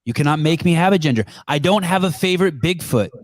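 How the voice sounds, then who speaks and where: A man's voice: fairly high pitch, animated, fast, dry recording, studio quality. A man hosting a podcast over a call, talking bluntly and crudely, joking in a casual chat. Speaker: podcast host.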